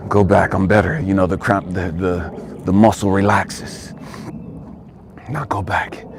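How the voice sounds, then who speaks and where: A man giving a personal testimony as a spiritual coach, telling his story dramatically and swinging from loud cries to hushed whispers while speaking straight to the listener. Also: low-pitched, steady tone, unhurried, background noise. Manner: addresses the listener directly.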